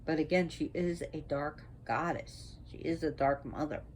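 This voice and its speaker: A woman speaking as a priestess, sick and short of breath, talking in a slow, halting way with restarts. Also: low-pitched, fairly even intonation, a little hiss or hum. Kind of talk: spoken talk on mythology.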